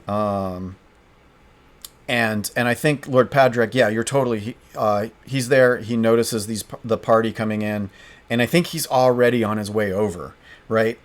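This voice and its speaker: A man playing a tabletop game solo, narrating as he thinks aloud, halting and restarting often. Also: medium pitch. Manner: halting, hesitant, frequent restarts.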